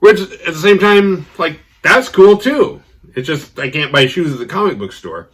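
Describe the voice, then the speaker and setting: A man hosting a horror movie channel, telling a rambling, profane story casually and getting animated when he quotes others. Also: fairly high pitch, moderate pace, husky. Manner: rambling, profane, restarts mid-sentence. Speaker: horror movie review host.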